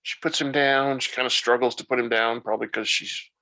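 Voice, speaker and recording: A man's voice: mid-range voice, fairly even intonation, brisk, creaky, sharp tone, low-quality recording. A man hosting a podcast, retelling the plot loosely in a casual recap and thinking aloud as he goes. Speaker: podcast host.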